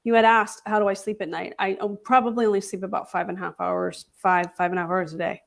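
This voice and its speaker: A woman's voice: medium pitch, flat delivery, fast, vocal fry. A woman guest in an interview, articulate and assured, explaining her views at length. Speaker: podcast host guest. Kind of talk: interview answers.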